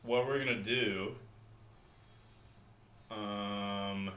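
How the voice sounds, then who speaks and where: A young man livestreaming a game, talking to his chat in an unhurried, bright, forceful voice. He swears freely and chats casually. His voice bounces around a roomy, echoey space. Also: fairly low pitch, steady tone. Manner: profane, talks to chat between rounds. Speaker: streamer. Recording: roomy echo.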